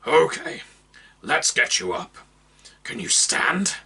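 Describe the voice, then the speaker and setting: A man voicing a big, gruff but friendly female orc who bellows and talks brusquely. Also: a little high, very animated, slow, sharp tone, far from the mic, pitched above the performer's own voice, heavily acted.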